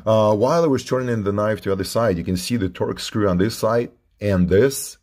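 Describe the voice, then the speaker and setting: Low-voiced man reviewing knives. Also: a little fast, a little mellow. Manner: informal, repeats himself while handling the knife. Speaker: knife reviewer. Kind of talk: casual product review.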